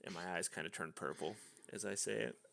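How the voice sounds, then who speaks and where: A man with a very deep, gravelly and sharp voice plays a tabletop game. He lays out his character's moves casually and often restarts his sentences. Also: brisk. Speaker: player. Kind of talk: casual tabletop role-play.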